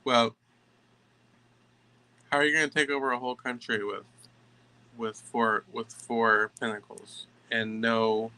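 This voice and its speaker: A man giving a tarot reading to camera, emphatic and halting, often stopping to restart his sentences. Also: mid-range voice, fairly even intonation, pushed and bright, clean tone, low-quality recording. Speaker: tarot reader.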